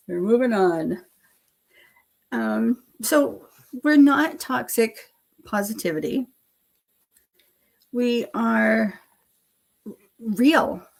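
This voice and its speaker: A woman's voice: a little high, creaky. A middle-aged woman hosting a casual live stream, rambling, self-deprecating, laughing often and swearing freely.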